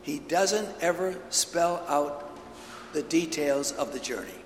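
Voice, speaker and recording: In a large church with long, echoey reverb, a priest delivers an earnest homily full of stories. His voice sits on the high side and moves slowly, with slight background noise in the recording.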